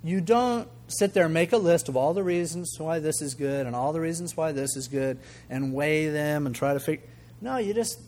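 A man's voice: a little high, normal speed. An older man preaching a sermon as a pastor, talking conversationally and acting out the voices in his stories. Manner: conversational, animated, acts out quoted voices, chuckles. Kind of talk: sermon with storytelling.

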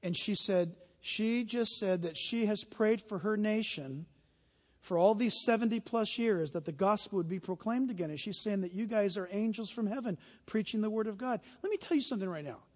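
A middle-aged male pastor with a notably high voice preaching in a church sanctuary. He drops to a hushed storytelling tone, then climbs into loud, fervent exhortation. The sound carries a long hall reverb. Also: moderate pace. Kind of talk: sermon.

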